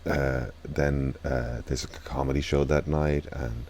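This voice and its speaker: A man in his thirties co-hosting a podcast, chatting casually with dry, relaxed banter. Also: very deep voice, a little slow, slight background noise. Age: 30s. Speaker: podcast co-host. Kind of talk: casual chat.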